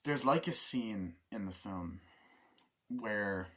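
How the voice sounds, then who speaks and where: Rambling, excitable young-sounding man reviewer. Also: on the low side, takes it slowly. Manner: excitable, rambling, heavy use of "like" and swearing. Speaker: movie reviewer. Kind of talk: casual movie review.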